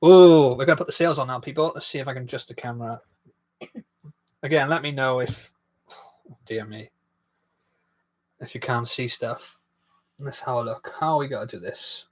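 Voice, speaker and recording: A man's voice: medium pitch, normal speed, long pauses, darkish tone. A man hosting a casual live stream while building a toy set, rambling and self-deprecating as he reads viewer comments aloud.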